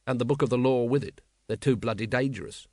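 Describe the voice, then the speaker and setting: A man's voice: mid-range voice, fast, darkish tone, no room sound, natural voice. A man voicing a weary, cynical male watch captain who speaks dry and blunt.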